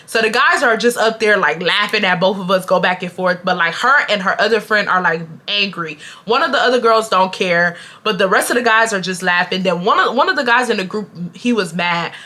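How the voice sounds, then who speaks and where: Bright-voiced young woman telling a story. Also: medium pitch, a little fast, hardly any pauses. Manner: animated, slangy, addresses viewers directly. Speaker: vlogger. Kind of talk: casual storytime.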